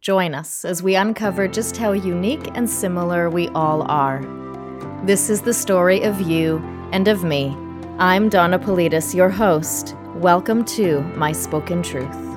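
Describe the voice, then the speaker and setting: A woman host reading a scripted podcast introduction in a measured, announcing way. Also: on the low side, over music.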